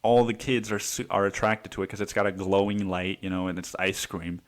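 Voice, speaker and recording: Low-voiced and a little fast, with little pitch movement, this podcast host rants through a story, profane and heated, dropping "dude" again and again in a casual monologue.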